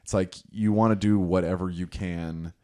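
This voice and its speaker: A man's voice: sits low, steady tone, normal speed, mellow. A young man casually telling a rambling, profane, self-deprecating story in a podcast chat.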